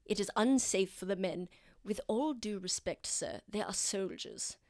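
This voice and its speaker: A woman's voice: mid-range voice, animated, a little slow, dry recording, studio quality. A woman voicing a dutiful male army major who answers his superior in formal, deferential speech. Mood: guarded.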